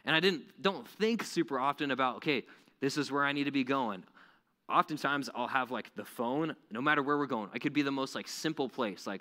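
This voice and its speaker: A man's voice: mid-range voice, brisk, bright, forceful tone. A young man giving a casual, conversational sermon, acting out quoted voices. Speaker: preacher.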